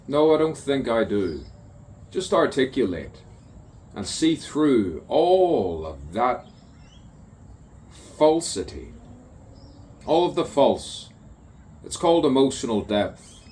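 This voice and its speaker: A man's voice: medium pitch, very animated, takes it slowly, long pauses, a little mellow. A man reciting his own spoken word poem in a musing, repetitive way, with sudden emphatic bursts. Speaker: poet. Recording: distant mic with faint background noise.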